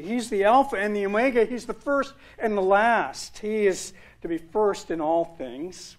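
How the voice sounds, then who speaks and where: A male pastor preaching a sermon, earnest, with emphatic repetition and rising stress on key words. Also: high-pitched.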